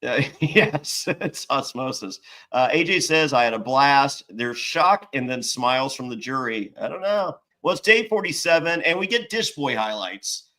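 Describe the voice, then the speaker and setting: A man hosts a loose recap chat with a bright, forward tone at a medium pitch. He jokes his way through the episode and slips into quick impressions of the people in it. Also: expressive. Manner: jokey, recaps scenes in mimicked quotes. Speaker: podcast host.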